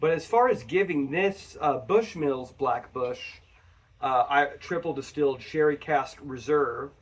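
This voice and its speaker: A man's voice: a little high, unhurried, breathy edge. Rambling man reviewing whiskey. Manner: rambling, chatty, addresses viewers directly. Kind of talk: casual review vlog. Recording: voice a bit far from the mic.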